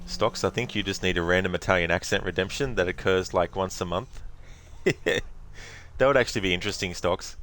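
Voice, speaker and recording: A man's voice: sits low, fast, few pauses, a bit bright, slight background noise. A man hosting a let's play, chatting casually over gameplay with rambling, laughing asides.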